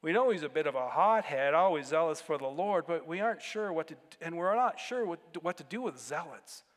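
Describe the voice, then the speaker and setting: A man's voice: on the high side, animated, fairly quick, in a large hall. A man pastor giving a conversational sermon, breaking into sudden emphatic bursts.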